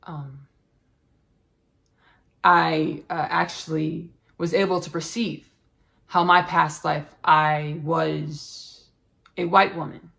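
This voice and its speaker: Gravelly-voiced woman giving a spiritual talk. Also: sits low, fairly even intonation, fairly bright tone. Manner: earnest, repetitive, halting with many fillers. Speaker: podcast host. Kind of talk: spiritual monologue.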